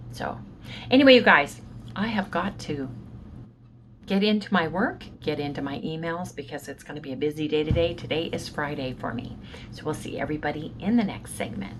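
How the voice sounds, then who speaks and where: A woman's voice: deep voice, a little hiss or hum, poor audio. A middle-aged woman chatting casually and upbeat to her viewers on a phone. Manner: upbeat, talks straight to viewers. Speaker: vlogger. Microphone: handheld phone.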